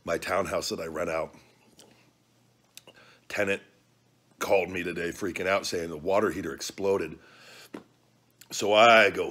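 A man's voice: low voice, fairly even intonation, measured pace, pauses often, pushed and bright. A man hosting his own vlog, talking casually and loosely with joking, profane banter through a hot food challenge at home. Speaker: vlog host.

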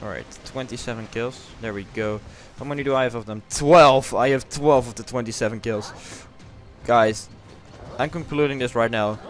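A young man giving excitable, profane commentary on his own gameplay, whooping when things go well. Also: medium pitch, moderate pace, faint music behind. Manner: excitable, swearing, yelps and whoops at kills. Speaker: gaming video host.

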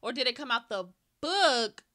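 Bright-voiced chatty young woman vlogger. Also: fairly high pitch, expressive, normal speed. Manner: chatty, talks straight to viewers. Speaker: reaction channel host. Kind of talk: casual reaction vlog chat.

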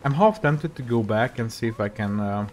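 A man's voice: lowish voice, lively intonation, normal speed, darkish tone, a little hiss or hum. A young man giving casual, joking commentary as he plays a video game, swearing at enemies. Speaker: gaming video creator.

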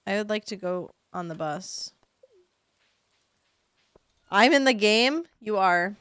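A woman's voice: mid-range voice, lively intonation, slow, a bit bright, clean tone, no echo. A young adult woman streaming a farming game, chatting sarcastically with her chat and swearing now and then. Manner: chatty, sarcastic, swears, yelps when panicked. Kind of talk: casual let's-play commentary to chat.

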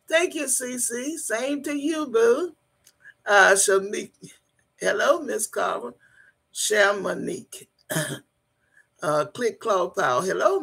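Gravelly, blunt older woman streaming. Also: mid-range voice, fairly bright tone. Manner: blunt, feisty, scolding; greets chat viewers by name. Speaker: livestream host. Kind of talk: casual livestream chat.

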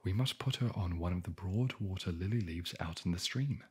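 A scheming old mother toad plotting in a hushed whispered role-play, as a man puts her on for a storybook tale. The voice sits low and deep, with a very husky, breathy grain under every word. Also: fairly quick. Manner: hushed, soft-spoken.

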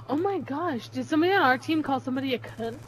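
A woman's voice: high voice, lively intonation, quick pace. A woman chatting casually during an online shooter match, giggling, teasing and swearing freely. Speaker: online game player. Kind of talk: casual gaming voice chat. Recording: noisy voice chat recording.

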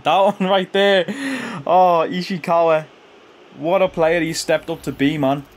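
A young man giving casual, slangy commentary over his own football video game, chuckling often and jumping to excited shouts when goals go in. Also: a little high, measured pace. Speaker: gaming YouTuber and streamer. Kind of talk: casual live gameplay commentary.

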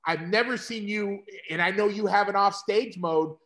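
A middle-aged man hosting a casual conversation, talking to doctors in an energetic, coaching way. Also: high-pitched, moderate pace. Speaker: host and practice consultant.

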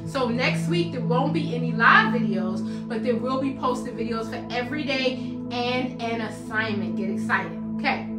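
A woman's voice: on the high side, normal speed, reverberant, over loud music. A woman hosting a live motivational healing talk, preachy and casual, calling listeners baby and using slang. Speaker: host of a healing show.

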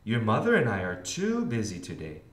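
A man voicing a kindly, calm father in a storybook read-aloud. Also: on the low side, moderate pace. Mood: gentle. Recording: roomy echo.

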